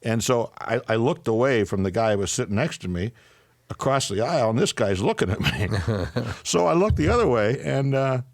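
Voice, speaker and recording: A man's voice: medium pitch, animated, a little fast, gravelly, dry recording, studio quality. An older man, a psychologist and guest on a radio interview, telling a personal story as he tears up and laughs.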